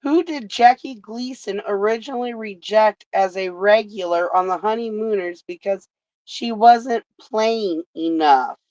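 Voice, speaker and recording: A woman hosting a casual trivia stream, reading questions slowly and swearing freely between them. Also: medium pitch, darkish tone, no room sound. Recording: dull lo-fi stream audio.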